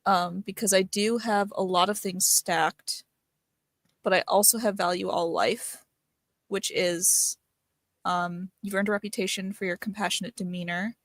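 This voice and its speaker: A woman's voice: medium pitch, fairly even intonation, unhurried, no room sound. A woman playing a tabletop game, thinking aloud as she explains her move, with frequent fillers. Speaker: player. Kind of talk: casual tabletop game play.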